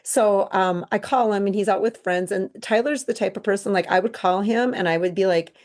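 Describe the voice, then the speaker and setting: A middle-aged woman, a podcast guest, telling a painful personal story in an earnest, halting way, full of restarts. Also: mid-range voice, darkish tone.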